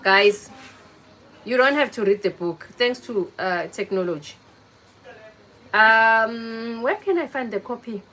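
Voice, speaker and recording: Her voice is fairly high with lively intonation and a sharp tone, and she speaks slowly, pausing often. As host of a casual livestream, this woman greets viewers by name, chats with them, and teases them. The audio is low quality.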